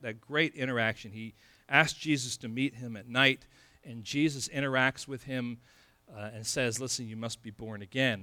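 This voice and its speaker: A man preaching an expository sermon, building to emphatic peaks and dropping low again. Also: bright, forceful tone, no room sound. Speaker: pastor.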